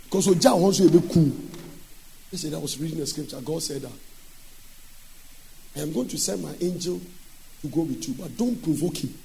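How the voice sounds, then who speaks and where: A man preaching a sermon, moving between speech and sung shouting. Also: fairly high pitch, fairly quick, vocal fry, long pauses, a little hiss or hum.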